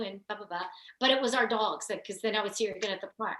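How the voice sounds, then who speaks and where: A woman's voice: on the high side, animated, quick pace, background noise. Rambling woman storyteller in a roomy echo. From Philadelphia area. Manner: rambling, many restarts and "you know"s. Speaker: actor and film guest. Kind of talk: casual interview storytelling.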